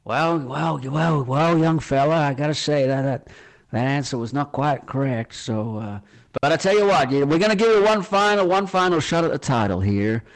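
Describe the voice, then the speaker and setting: A man's voice: fairly high pitch, lively intonation, moderate pace. A man voicing a rambling older male boss with an American accent, drawling and full of fillers. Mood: pompous.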